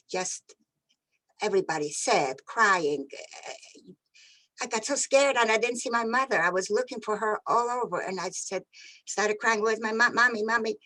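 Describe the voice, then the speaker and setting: An older woman giving personal testimony of her childhood, halting and often repeating and restarting words. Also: medium pitch, fairly bright tone, poor audio. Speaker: Holocaust survivor. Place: virtual event.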